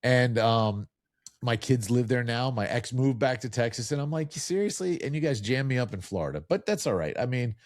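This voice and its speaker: In a studio-quality recording with no room sound, a New Jersey podcast host with a mid-range voice talks at a moderate pace. His casual interview chat is chatty, joking, and full of stories.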